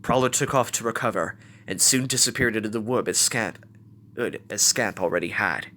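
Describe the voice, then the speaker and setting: A man's voice: lowish voice, moderate pace, pushed and bright, a little hiss or hum. A man reading a fan story aloud, telling it dramatically with small slips. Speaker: reader.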